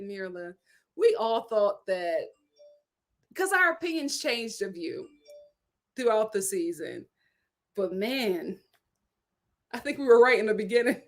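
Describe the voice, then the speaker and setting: Woman hosting a reality tv recap stream, super dramatic, laughs a lot. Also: fairly high pitch. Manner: animated, dramatic, laughing commentary. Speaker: reality TV review host.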